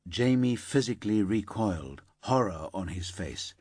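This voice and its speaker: A man narrating a thriller audiobook in an expressive storytelling manner. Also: on the low side, a little slow, no room sound, studio quality. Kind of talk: scripted narration.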